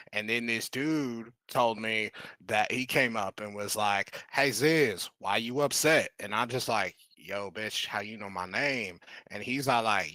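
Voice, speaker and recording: A man's voice: fairly low pitch, sharp tone, no room sound. A man voicing a brash, slangy male goblin sorcerer in a tabletop role-play, rambling with street slang and cussing.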